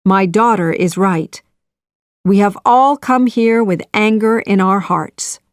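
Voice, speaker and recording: A woman's voice: mid-range voice, slow pace, smooth, no room sound, clean studio sound, lightly acted. A woman voicing a stern older male chief who gives commands, in a children's audiobook reading. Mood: solemn. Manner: commanding, shouting orders.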